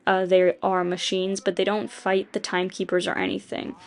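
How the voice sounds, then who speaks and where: Gravelly woman casually recapping a plot. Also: medium pitch, level tone, moderate pace. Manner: rambling, filler-heavy, voices quoted characters; opinionated, swears casually. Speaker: video essayist.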